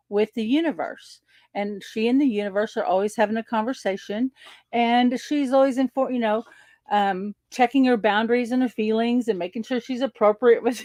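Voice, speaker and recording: Female spiritual teacher, storytelling monologue, lively and laughing, slightly high pitch. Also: no room sound. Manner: animated, laughs often, acts out quoted exchanges.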